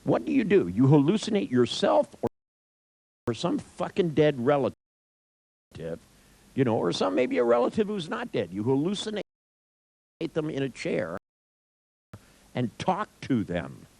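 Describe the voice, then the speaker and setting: A man's voice: a little high, wildly swooping pitch, unhurried, vocal fry, pauses often, mellow, dry recording, poor audio. A middle-aged man telling an anecdote in a wry, irreverent way, swearing freely. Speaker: storyteller. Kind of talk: profane anecdotal storytelling.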